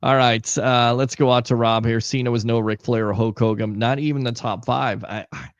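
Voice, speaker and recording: A man hosting a casual sports talk show, keeping his voice down in a near monotone. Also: mid-range voice, normal speed, no room sound, lo-fi sound. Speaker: host.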